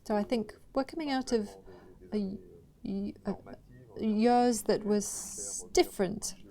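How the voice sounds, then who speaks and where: A woman's voice: medium pitch, slow pace, dark tone. A woman presenting annual financial results to investors, talking in a hesitant way with many fillers and restarts.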